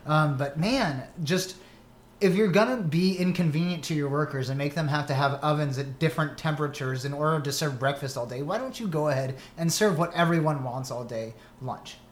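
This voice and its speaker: Echoey ranting guy in casual chat. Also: brisk. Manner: ranting, animated complaints with big pitch jumps. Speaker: podcast co-host. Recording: echoey room with faint noise.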